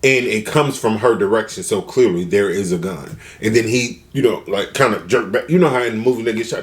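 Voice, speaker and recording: Lively storytelling man, low voice. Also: a little fast, few pauses. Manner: animated, acts out quotes with shifting voices. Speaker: mukbang vlogger. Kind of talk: casual storytelling.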